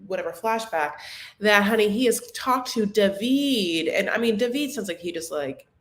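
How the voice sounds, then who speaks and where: A woman's voice: mid-range voice, lively intonation, normal speed, echoey room. A young adult woman hosting a casual live recap chat, gossipy and rambling, heavy on filler words. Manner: chatty, gossipy, lots of "like" fillers. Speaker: show recap host.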